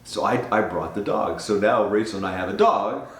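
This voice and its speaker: An older man earnestly telling a personal testimony in a casual, animated way, often repeating words as he goes. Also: fairly low pitch, normal speed, a little hiss or hum. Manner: earnest, animated storyteller who repeats himself. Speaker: guest giving a testimony. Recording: roomy sound from a distance.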